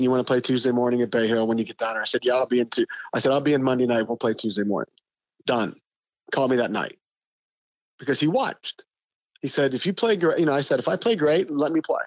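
A middle-aged man from western Pennsylvania, a guest telling golf stories in an animated way, acting out both sides of old conversations. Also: medium pitch, dry recording, muffled recording. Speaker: guest, pro golfer. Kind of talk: animated storytelling.

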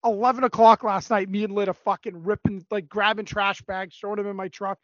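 A high-voiced man tells a rambling story with plenty of swearing and energy. His voice sits dry and close in a dull, lo-fi recording. It sounds like casual podcast chat. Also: fairly quick, dry recording. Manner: animated, profane storytelling. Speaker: podcast co-host.

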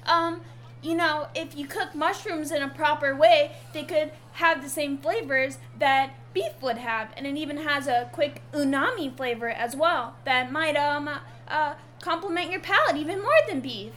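A woman playing bright-voiced Poppy, chirpy and earnest. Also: high-pitched, normal speed. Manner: earnest, hedging with "um", chatty advice. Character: chirpy health-minded young woman adventurer, Poppy.

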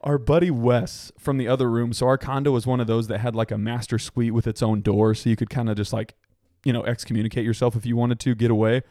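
Male podcast host, animated storyteller, swears and laughs, dry close mic. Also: mid-range voice, fast talker, dry recording. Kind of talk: casual storytelling chat.

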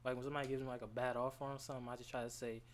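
Fast-talking young man, noisy recording. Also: medium pitch, flat delivery. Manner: fast, loose talk with stammered repeats. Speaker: podcast guest. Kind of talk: casual chat.

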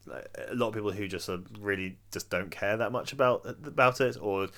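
A man co-hosting a casual film podcast, quizzing his friend in a hesitant, low-key way. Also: fairly quick, a bit bright. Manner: hesitant, many fillers and restarts, low-key. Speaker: podcast co-host. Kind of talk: casual chat, quiz host.

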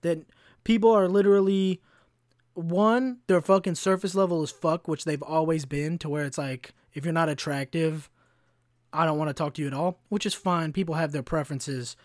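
Young man ranting profanely, slightly high voice. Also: fairly even intonation, moderate pace, no echo, clean studio sound. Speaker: podcast host. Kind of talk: solo podcast rant.

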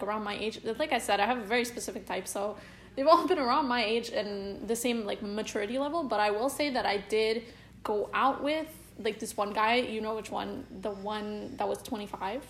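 Young woman co-host, relaxed conversational voice, slightly high, faint background noise. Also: normal speed. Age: young adult. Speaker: podcast co-host. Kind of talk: casual chat.

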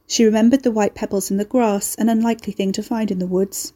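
Mellow woman narrating a story. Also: mid-range voice, little pitch movement, fast talker, few pauses. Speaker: audiobook narrator. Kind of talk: scripted narration of a dark fantasy story.

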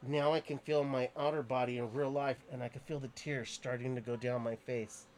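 Podcast host, man, mid pitch, earnest halting storyteller, casual chat. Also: little pitch movement. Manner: earnest, halting, emotional retelling with restarts.

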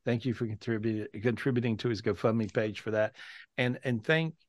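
Man, podcast host, video call, animated storytelling, frequent restarts, mid-pitched voice, dry close sound. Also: moderate pace, no room sound.

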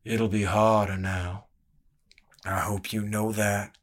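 A man voicing a sly, calculating older male spymaster who talks slowly and smoothly, needling as he goes. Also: fairly low pitch, level tone. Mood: cool, needling.

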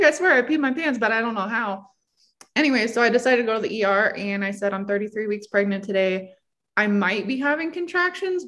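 A young woman and mom casually telling a story, acting out quotes with lots of "like". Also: medium pitch. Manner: animated storyteller, acts out quotes, many "like"s. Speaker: mom sharing her birth story. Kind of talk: casual chat.

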